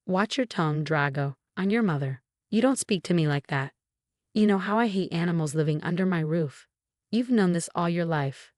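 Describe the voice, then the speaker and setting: A woman's voice: lowish voice, expressive, moderate pace, a little mellow, no room sound, clean studio sound, natural voice. A woman voicing a bossy, self-pitying mother-in-law. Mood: indignant. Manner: indignant, complaining.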